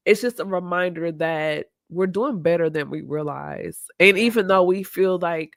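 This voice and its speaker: A woman's voice: on the low side, moderate pace, gravelly, no room sound. Woman host, candid live-stream chat, reflective and open, dry close sound. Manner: open, reflective, laughs easily.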